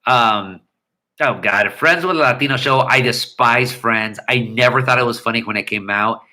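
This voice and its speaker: Blunt, bright-voiced man rambling casually. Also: mid-range voice, moderate pace. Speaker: show host answering viewer questions. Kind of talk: casual livestream chat.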